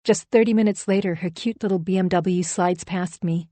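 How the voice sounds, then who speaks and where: A woman's voice: fairly low pitch, fairly even intonation, moderate pace, mellow, no echo. A woman reading a first-person thriller audiobook in a tense, emphatic storytelling manner. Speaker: audiobook narrator.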